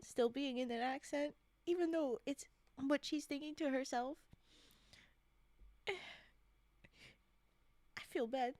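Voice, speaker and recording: A woman's voice: high voice, slow pace, pauses often, no room sound. A woman streamer reading holiday short stories aloud, breaking off to laugh and chat with viewers. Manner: giggly, chatty, breaks off to react to viewers. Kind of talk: casual read-aloud with chat asides.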